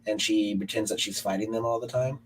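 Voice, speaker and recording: A man's voice: lowish voice, fairly even intonation, brisk, slight background noise, poor audio. A man co-hosting a casual podcast, joking and laughing often, talking to his young daughter at home. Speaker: podcast co-host. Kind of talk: casual chat.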